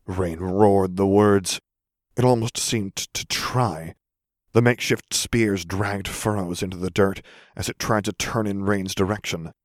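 A man narrating an audiobook in a measured, intense way, dropping to a whisper for inner thoughts. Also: low voice, fairly even intonation, dry recording, clean studio sound.

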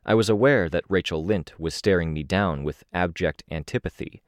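Deep-voiced male audiobook narrator. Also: moderate pace, no echo, clean studio sound. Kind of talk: first-person audiobook narration.

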